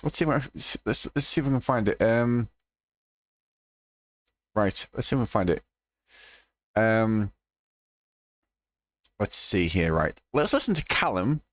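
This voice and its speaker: A man reacts to a clip in sweary, mocking commentary, his pitch bouncing around as he talks. He is recorded on a cheap, dry-sounding home microphone. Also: big pitch swings, measured pace, pauses often, a bit bright, no room sound. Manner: sweary, mocking, laughs often.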